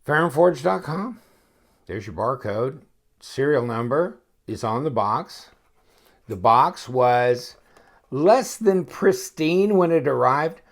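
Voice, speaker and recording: Gravelly, rambling man unboxing a knife. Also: medium pitch. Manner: rambling and chatty, thinking aloud; wry, joking asides. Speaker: knife reviewer. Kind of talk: casual unboxing chat. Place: home, at his inspection table.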